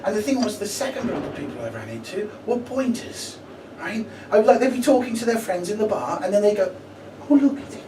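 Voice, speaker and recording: A man from Brighton doing stand-up storytelling on stage, exasperated and self-mocking, with frequent tag questions. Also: sits high, animated, quick pace, very noisy. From Brighton, England. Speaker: stand-up comedian. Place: comedy venue with live audience. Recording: echoey live room, distant mic, crowd. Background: audience laughter.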